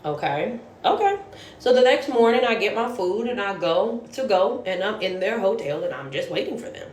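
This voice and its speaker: A woman's voice: medium pitch, fairly quick, a little mellow, slight background noise. A woman telling a casual story about her work as a nanny, blunt and profane, sounding exasperated. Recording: roomy echo.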